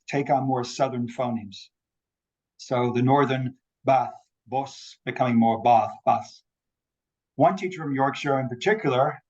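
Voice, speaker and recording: A man giving an academic talk over a video call, measured and explanatory. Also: mid-range voice, a little mellow, lo-fi sound. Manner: measured lecturing, quotes examples. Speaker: academic speaker. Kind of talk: online forum talk.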